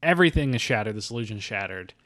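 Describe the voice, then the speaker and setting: A man's voice: on the low side, expressive, a bit bright. A man hosting a casual film podcast, talking enthusiastically about a movie and briefly acting out its characters. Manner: enthusiastic, acts out film characters in quick voices. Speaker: podcast host.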